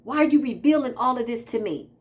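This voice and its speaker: Woman, spiritual practitioner, casual talk to viewers, animated, playful. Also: a little high, fast. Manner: animated, laughing, quotes herself in playful asides.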